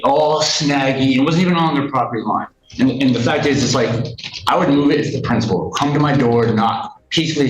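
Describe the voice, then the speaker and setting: A man's voice: mid-range voice, a little fast, lo-fi sound. Indignant man testifying in court. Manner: indignant, rambling, repeats himself. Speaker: respondent in a court hearing. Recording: echoey courtroom mic, faint noise.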